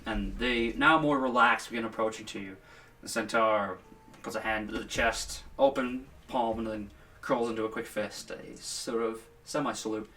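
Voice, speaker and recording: A man's voice: on the low side, normal speed, sharp tone, distant mic. A man narrating as game master of a tabletop game, describing scenes casually with many fillers.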